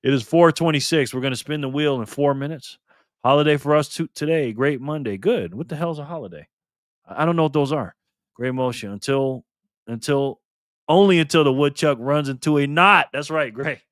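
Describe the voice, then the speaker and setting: Hosting a casual livestream, this man reads out viewer comments in an easygoing way, addressing people as "man" and "brother" and often restarting or repeating phrases. His voice sits on the high side at a normal speed, with clean studio sound and no room sound.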